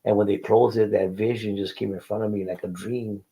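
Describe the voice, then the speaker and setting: A middle-aged man recounts his past in a relaxed interview, his low voice rough and gravelly. He speaks in street slang with Spanish words mixed in, and he circles back and repeats himself as he goes. His tone is husky rather than clear. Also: fairly quick, rough recording. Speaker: guest telling his life story. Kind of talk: casual storytelling interview.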